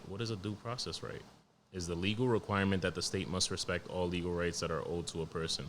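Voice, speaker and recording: Young man, podcast host, casual monologue, swearing, joking, slightly low voice. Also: brisk, a bit bright, a little hiss or hum. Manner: profane, blunt and joking, reading news aloud.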